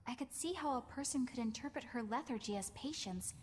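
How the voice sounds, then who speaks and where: An earnest, proper young exorcist. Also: female voice, high-pitched, measured pace, slight background noise. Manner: earnest, polite.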